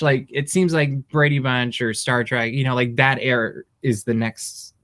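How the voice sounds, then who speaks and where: A man's voice: mid-range voice, steady tone, normal speed, few pauses, a bit bright. Guy cohosting a podcast, chatty and rambly, lots of ums and likes. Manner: rambling, many fillers and "like". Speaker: podcast co-host. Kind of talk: casual chat.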